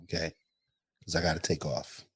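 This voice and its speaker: A man co-hosting a casual podcast, joking and roasting in loud banter. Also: rumbling low, level tone, moderate pace, breathy edge. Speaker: podcast co-host. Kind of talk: casual chat.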